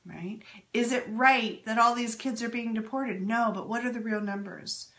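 A woman's voice: fairly high pitch, normal speed, fairly bright tone. A woman giving an earnest, emphatic spiritual talk to her audience, full of rhetorical questions. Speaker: spiritual teacher.

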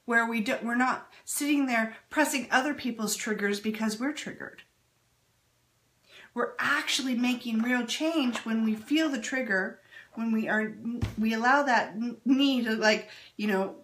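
Earnest woman giving a spiritual talk, kinda high voice, lots of questions back at the listeners. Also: a bit bright. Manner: earnest, emphatic, with rhetorical questions. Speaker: spiritual teacher.

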